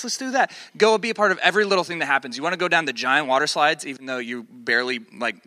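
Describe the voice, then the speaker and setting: Young adult man, casual storyteller, animated, bright forceful voice, dry close recording. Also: mid-range voice, no echo. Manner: animated storyteller, acts out quoted voices, many fillers.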